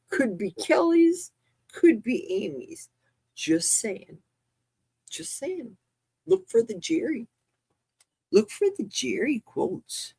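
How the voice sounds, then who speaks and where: A woman hosting a casual livestream, gasping and squealing with excitement as she reads gifts. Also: medium pitch, slow pace, long pauses, breathy edge, no echo, studio quality. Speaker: livestream host.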